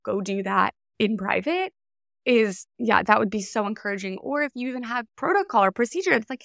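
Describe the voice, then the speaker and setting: Woman podcast host, chatty storyteller, slightly high voice with gravelly fry, dry close mic. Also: a little fast, no room sound. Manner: chatty, animated storytelling with frequent "like". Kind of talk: conversational interview.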